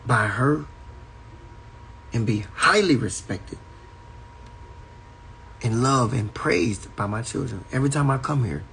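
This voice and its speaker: A man's voice: mid-range voice, a bit bright, a little hiss or hum, low-quality recording. A man giving a spiritual talk on a livestream from a home, in an emphatic, repetitive preaching cadence. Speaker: spiritual teacher. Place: at home indoors.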